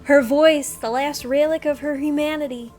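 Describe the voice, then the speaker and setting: A young woman streaming from home, reading a game's dialogue aloud into a desk mic with lively swings between loud bursts and quiet storytelling. Her voice sits a little high, with faint game music under it. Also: moderate pace.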